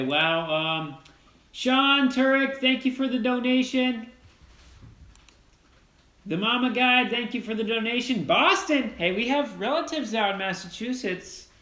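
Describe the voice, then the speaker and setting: A young man hosting a casual farm livestream, upbeat and quick as he thanks donors by name. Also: high voice, pushed and bright. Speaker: channel host reading donations. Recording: roomy echo.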